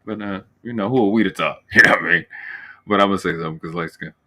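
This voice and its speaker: A man's voice: low voice, fast talker, pushed and bright. A man hosting a casual panel chat, teasing and bantering with his guests.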